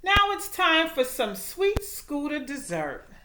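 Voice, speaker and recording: A woman voicing a mean, hungry male monster truck in a storybook, talking gruffly with a sly, roaring edge. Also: high voice, sing-song, slow pace, pushed and bright, a little hiss or hum, exaggerated voice. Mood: menacing.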